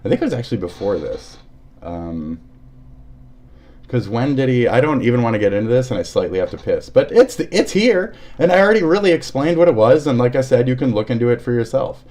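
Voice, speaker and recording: A man's voice: mid-range voice, sing-song, fairly quick, darkish tone. A man streaming live, talking casually, swearing a lot and ranting angrily with sudden shifts. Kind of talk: casual livestream commentary.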